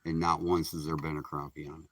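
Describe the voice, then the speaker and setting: A man's voice: extremely low pitch, little pitch movement, fast talker, fairly bright tone, dry recording. Laid-back, folksy fishing guy on a creek. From Michigan. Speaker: fishing streamer. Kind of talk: casual live-stream chatter. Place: kayak on a creek outdoors. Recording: distant mic outdoors with faint noise.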